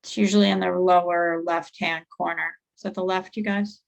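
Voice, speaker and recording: A woman's voice: on the low side, steady tone, normal speed, gravelly, rough recording. A woman facilitating a group discussion on a video call, conversational and thinking aloud with fillers as she talks.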